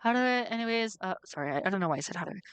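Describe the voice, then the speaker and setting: A woman's voice: medium pitch, expressive, racing, clear, resonant tone, dry recording. Female let's-play host, casual and giggly, close dry sound. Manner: chatty and giggly, swears when startled. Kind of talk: game commentary, reading game text aloud.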